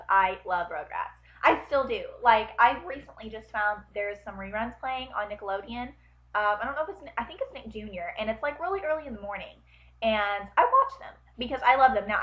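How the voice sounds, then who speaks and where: Chatty young woman with a slight twang. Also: a little high. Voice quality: slight twang on her words. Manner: chatty, rambling, full of ums and likes. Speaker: vlogger. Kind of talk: casual chat answering tag questions. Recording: dull lo-fi webcam audio.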